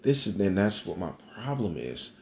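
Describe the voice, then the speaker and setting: A man's voice: low voice, very animated, normal speed, darkish tone, echoey room, slight background noise. A man telling a personal story in casual, profane, rambling talk, growing emphatic.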